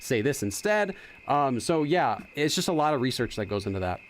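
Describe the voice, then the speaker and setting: A man's voice: medium pitch, big pitch swings, moderate pace. A middle-aged man hosting a casual game playthrough, chatty and explaining as he goes. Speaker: gaming channel host. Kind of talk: casual let's-play commentary.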